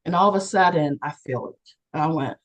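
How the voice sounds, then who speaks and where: A woman from West Virginia candidly telling her personal story on a video call, animated and acting out the voices of the people in it. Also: sits low, a little fast, low-quality recording. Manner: animated, acts out quoted people with big jumps in voice. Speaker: panelist and co-author sharing a near-death experience.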